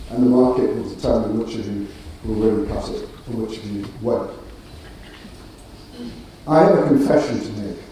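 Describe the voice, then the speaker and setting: A man's voice: medium pitch, mellow, slight background noise. A middle-aged man giving a graduation speech with dry, self-deprecating humor and hesitant fillers. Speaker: graduation speaker. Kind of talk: ceremonial speech. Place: large auditorium. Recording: roomy hall, distant mic, faint ambience.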